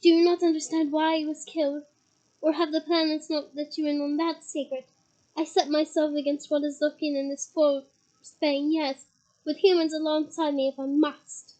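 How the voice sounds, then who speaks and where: Woman doing a noble young male centaur from a storybook, grave and earnest, high and mellow. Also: fairly even intonation, normal speed, close to an everyday voice, low-quality recording. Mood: defiant.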